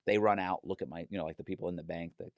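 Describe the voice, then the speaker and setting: A man telling a story in a casual interview, animated and profane, acting out other people's lines as he goes. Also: deep voice, very fast, dry recording. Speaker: guest telling his story.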